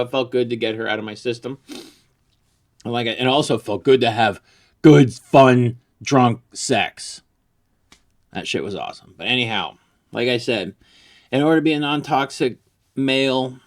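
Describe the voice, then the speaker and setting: A man ranting crudely about an ex, boastful, vulgar and rambling, as a comedy vlogger. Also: medium pitch.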